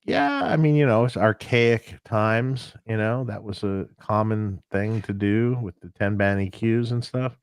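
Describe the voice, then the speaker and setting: A man co-hosting a casual talk show about guitar gear, animated and chatty, who often acts out quotes. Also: on the low side, unhurried, few pauses, clean tone, dry recording, clean studio sound. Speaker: co-host, amp technician. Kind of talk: casual chat.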